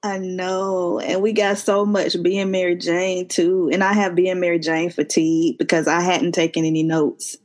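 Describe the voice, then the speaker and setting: A woman hosting a casual chat show over a call, laughing often and speaking in relaxed slang. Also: fairly low pitch, normal speed, few pauses. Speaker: podcast host.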